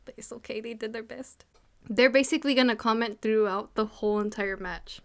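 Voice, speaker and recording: A young woman co-hosting an anime review, chatting casually and excitedly with many fillers. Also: fairly high pitch, brisk. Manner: excited, swearing, filler-heavy fan talk. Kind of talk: casual chat.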